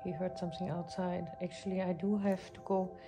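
A woman's voice: fairly low pitch, little pitch movement, fairly quick, music in the background. A young woman vlogging about her pet dogs, talking casually and cooing to them in baby talk. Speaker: pet vlogger, dog owner.

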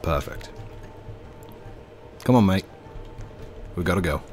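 A man's voice: deep voice, animated, slow pace, darkish tone, faint music behind, voice pushed down. A man putting on an Australian accent, voicing a laid-back fellow in a game. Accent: put-on Australian.

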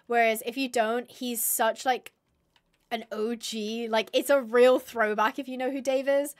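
Young female streamer, high-pitched, excitable, casual live chatter with squealing bursts. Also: a little slow. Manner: excitable, squealing bursts, reads chat aloud.

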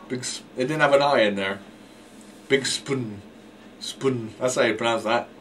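A man gives casual let's play commentary in a plain mid-pitched voice, poking fun at his own driving. He trips over his words and repeats himself, with bright game music clearly audible behind him. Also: poor audio. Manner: jokey, self-mocking, stumbling over words. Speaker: gameplay commentator.

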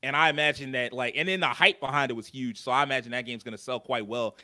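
A man's voice: mid-range voice, fast talker, pushed and bright. A young man co-hosting a casual gaming podcast, talking in a rambling, frank and profane way. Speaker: podcast co-host.

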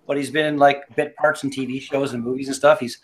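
A man's voice: mid-range voice, fairly even intonation, fast talker, slight background noise. A man co-hosting a casual beer review chat, rambling with restarts and swearing freely. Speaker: podcast co-host reviewing beer.

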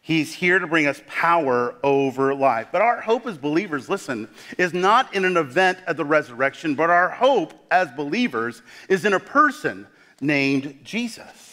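A man's voice: fairly high pitch, big pitch swings, normal speed. Emphatic preacher man in a reverberant church. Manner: dramatic emphatic preaching, drops to a hush on key words. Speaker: pastor. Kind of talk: sermon. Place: church sanctuary. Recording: long hall reverb.

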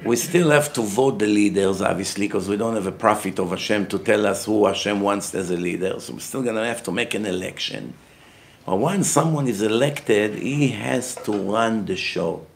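A man's voice: lowish voice, moderate pace, vocal fry. Emphatic rabbi man lecturing heatedly. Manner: emphatic, grows loud and forceful when making a point; blunt short phrases, asks questions and answers them himself. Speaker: rabbi giving a weekly lecture.

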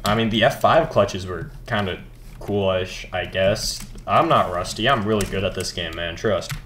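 In this gaming vlog, a teenage boy mumbles along in a relaxed, rambling way, filling gaps with hesitant fillers. He speaks at normal speed in a low-pitched, slightly bright voice, with keyboard clicks and faint background noise behind him.

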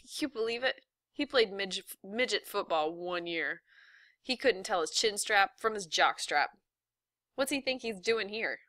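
A woman's voice: mid-range voice, animated, a little slow, sharp tone, dry recording, studio quality. A woman reading as a cocky young football boy. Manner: brash, boastful. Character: cocky tough seventh-grade football boy.

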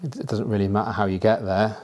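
A man casually explaining how he plants an aquarium, chatty and relaxed, with frequent fillers and asides. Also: fairly low pitch, fast talker. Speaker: aquascaping presenter.

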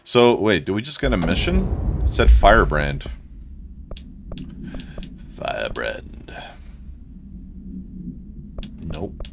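A man's voice: on the low side, very animated, moderate pace, background noise. A young man commenting casually on his gameplay, thinking aloud and swearing often. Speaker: let's play gamer.

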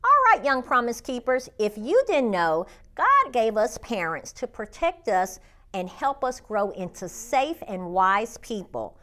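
A woman hosting a children's Bible lesson, speaking straight to the kids in a lively way. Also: mid-range voice, takes it slowly. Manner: lively, addresses children directly.

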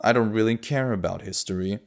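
A man's voice: lowish voice, fairly quick, close to an everyday voice. A man voicing a brash, ruthless human bandit leader in an audiobook, talking in a cocky, offhand way. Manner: cocky, offhand, shouts when demanding.

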